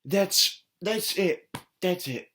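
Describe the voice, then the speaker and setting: A young man rambling through a nostalgic monologue, swinging from mumbling to excited shouts. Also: sits high, extremely slow, a little hiss or hum. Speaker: video creator.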